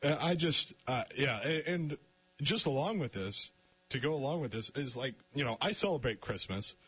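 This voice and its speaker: A young man hosts a casual radio talk show, halting often, stumbling and restarting his sentences, and laughing frequently. His medium-pitched voice is animated, a bit bright and husky.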